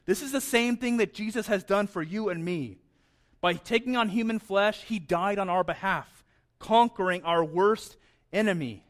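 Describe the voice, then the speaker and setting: A man's voice: high voice, normal speed. A man preaching a sermon in a conversational way, often stammering and repeating words. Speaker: pastor.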